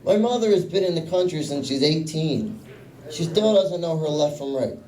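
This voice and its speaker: A young man doing a stand-up comedy set, telling self-mocking stories in a deadpan way. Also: fairly high pitch, normal speed, a crowd in the background. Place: small comedy club. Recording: echoey room, voice from a distance.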